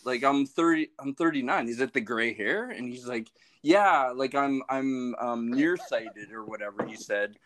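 A man's voice: mid-range voice, expressive, a little slow, a bit bright. A man in his late thirties co-hosting a podcast, telling a rambling, self-deprecating story with plenty of swearing. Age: 30s. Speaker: podcast co-host. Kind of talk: casual storytelling.

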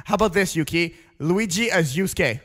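Young man from Canada, high voice, excitable podcast host, reverberant hall sound. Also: moderate pace. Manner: excitable, laughs often, lots of fillers. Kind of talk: casual podcast chat.

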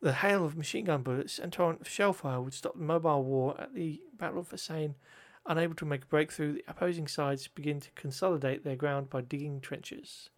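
A man's voice: fairly high pitch, fairly quick, few pauses. A man reading history notes aloud, often stumbling over words, correcting himself and adding joking asides.

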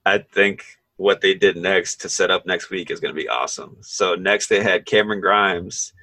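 A young man co-hosting a casual wrestling podcast, rambling excitedly and laughing often. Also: low voice, moderate pace, no room sound, rough recording. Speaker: podcast co-host.

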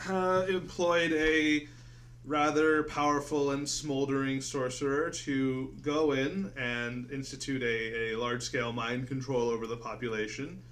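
A man's voice: medium pitch, fairly even intonation, unhurried, a bit bright. A man playing a tabletop game, telling events in a dry, wry way with sarcastic asides. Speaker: player. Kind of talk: tabletop role-play banter.

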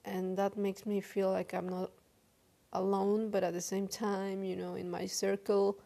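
A woman speaking English as a second language in a personal confessional vlog. She sounds weary and frank, talks haltingly, and swears often. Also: medium pitch, level tone, creaky, mellow. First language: not English. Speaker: vlogger.

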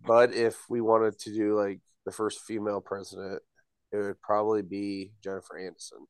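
A man's voice: lowish voice, flat delivery, moderate pace, clean tone, dry recording, rough recording. A young man co-hosting a podcast in playful casual chat, giggling as he talks. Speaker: podcast co-host.

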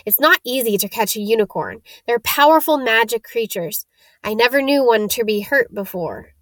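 Woman voicing a gruff giant gamekeeper. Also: a little high, lively intonation, moderate pace, no room sound, clean studio sound, lightly acted. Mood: wary. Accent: rural English dialect. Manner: loud, blunt, grumbling. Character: gruff giant male gamekeeper, blunt and impatient.

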